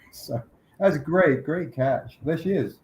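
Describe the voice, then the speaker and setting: A man hosting a livestream, telling a story with lively quoted voices. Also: on the high side, slow, slightly rough. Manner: animated anecdote with quoted voices. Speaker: comic publisher hosting a livestream. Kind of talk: casual storytelling chat.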